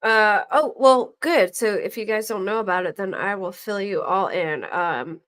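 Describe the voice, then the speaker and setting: A true crime podcast host, middle-aged, talks at a moderate pace in a mid-range voice. She keeps things chatty and casual, acting out the people in her stories with animated quoted voices.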